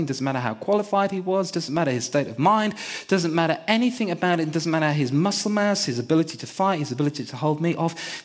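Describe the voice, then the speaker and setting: A man preaching a sermon, telling a personal story and hammering key words through repetition. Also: on the high side. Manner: emphatic, repeats key words.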